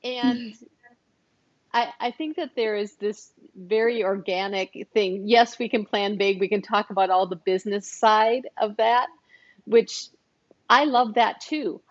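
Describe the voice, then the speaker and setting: A woman's voice: medium pitch, a little slow, muffled recording. A woman hosting an interview in casual chat, enthusiastic and rambling with restarts. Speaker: host.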